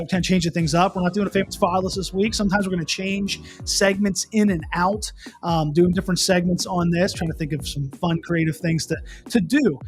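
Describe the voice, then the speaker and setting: A middle-aged man from Pennsylvania hosting a casual morning show, telling a story with lots of restarts and asking listeners questions. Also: high voice. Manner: animated, restarts and repeats, asks the listener questions. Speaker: host.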